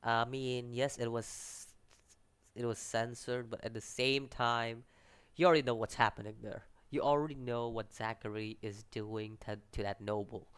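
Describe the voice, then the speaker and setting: With a mid-range voice and a smooth, moderate pace, a man speaking English with a non-native accent casually reviews an anime episode. He's animated and rambling, fumbling names and restarting sentences.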